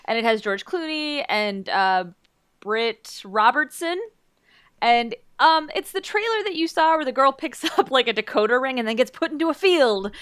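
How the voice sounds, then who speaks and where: A woman's voice: high-pitched, lively intonation, normal speed, a bit bright, clean tone, no echo, studio quality. A woman co-hosting a casual movie chat, rambling and self-deprecating as she runs through upcoming films. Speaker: podcast co-host.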